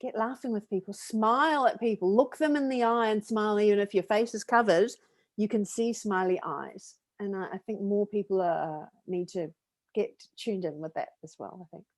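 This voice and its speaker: A woman with a New Zealand accent co-hosting a casual chat over a video call, animated and quick to laugh as she tells stories. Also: mid-range voice. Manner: animated, laughs often while telling stories. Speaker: co-host.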